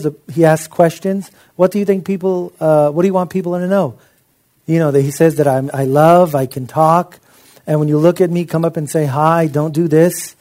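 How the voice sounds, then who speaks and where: A man's voice: a little high, dark tone. A man preaching a sermon in an impassioned, conversational way, with frequent asides to his listeners.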